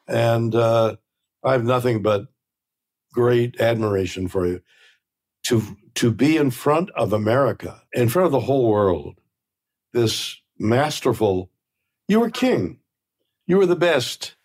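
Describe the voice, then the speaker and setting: A man in his nineties from Canada, talking in a reflective, meandering way with halting restarts as an interview guest. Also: mid-range voice, a little mellow, no echo, studio quality. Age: 90s. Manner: halting, repeats words, meandering. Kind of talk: reflective conversation.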